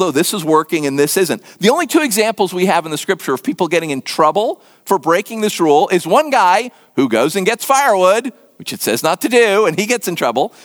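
A man named as a pastor, preaching a casual sermon and acting out the people in the story in quick voices. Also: high-pitched. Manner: animated, acts out biblical dialogue in voices.

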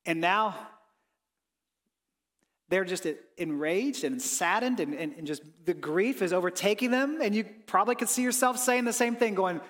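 High-voiced man preaching in a reverberant hall. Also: normal speed. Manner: earnest, voice drops soft on reflective lines and rises on pleading quotes. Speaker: pastor. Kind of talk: sermon.

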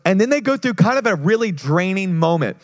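Pastor, male, mid-high pitch, lively call-and-response preaching. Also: fairly quick. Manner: energetic preaching with call-and-response and frequent restarts. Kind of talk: sermon.

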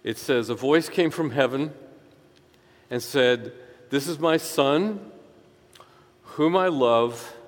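A man preaching a sermon in an earnest, emphatic way, slowing down to stress key phrases. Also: mid-range voice. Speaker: pastor. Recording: echoey hall reverb.

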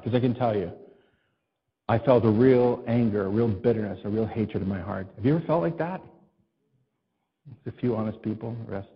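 A man delivers a sermon in an easy, conversational way, asking his listeners questions and acting out conversations. His voice is somewhat husky and sits at a middle pitch. The recording sounds muffled and dull. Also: animated, brisk, pauses often. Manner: conversational, asks the congregation questions, acts out quotes. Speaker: pastor.

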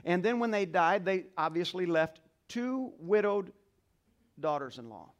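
A male pastor preaching a sermon to a congregation, leading call-and-response, swinging between quiet asides and loud exclamations. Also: high-pitched, animated, a little slow, dull audio. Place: church sanctuary.

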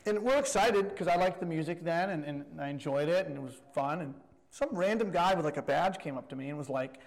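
Animated high-voiced preacher in echoing hall. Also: male voice, fast talker. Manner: animated, rambling storyteller with many fillers. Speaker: youth pastor turned preacher. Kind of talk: sermon with storytelling.

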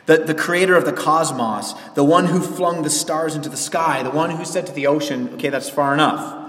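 A man preaching a sermon in a conversational, animated way from a church sanctuary. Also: fairly high pitch, moderate pace. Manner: conversational, animated, with quoted asides. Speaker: pastor. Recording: echoey church hall.

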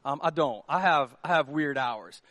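Animated high-voiced male pastor. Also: normal speed, dry recording. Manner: animated storytelling, shouts quoted lines. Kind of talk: sermon.

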